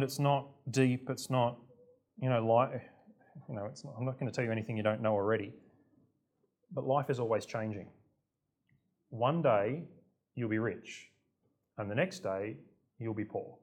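A man preaching a sermon to his congregation, chatty and self-deprecating, often stepping into the voices of the people in his stories. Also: mid-range voice. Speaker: pastor.

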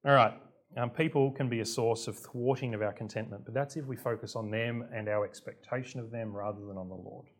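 A pastor with a fairly low, brisk voice preaches a sermon to his congregation. He's chatty and self-deprecating, often taking on the voices of people in his stories.

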